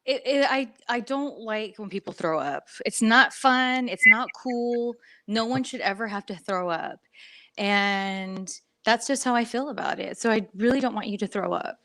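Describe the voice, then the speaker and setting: A woman's voice: mid-range voice, moderate pace. A middle-aged woman co-hosting a casual chat show, talking in a rambling way and laughing often. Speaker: co-host.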